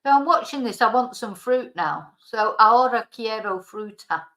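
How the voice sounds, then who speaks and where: A woman teaching fruit vocabulary in a bilingual lesson, slowly and carefully repeating each word for pronunciation. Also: fairly high pitch, animated, a bit bright, poor audio. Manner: slow, careful pronunciation drills. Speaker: language teacher.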